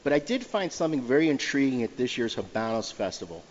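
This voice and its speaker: A man's voice: medium pitch, big pitch swings, fast, a little hiss or hum. A man in his fifties telling a story animatedly as a guest in casual podcast chat, laughing often. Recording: dull sound in a reverberant room.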